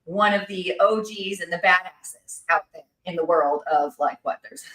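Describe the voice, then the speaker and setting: A woman hosting a livestream, talking fast and excitedly with lots of fillers and restarts. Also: fairly low pitch, echoey room, rough recording. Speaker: livestream host. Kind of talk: casual chat.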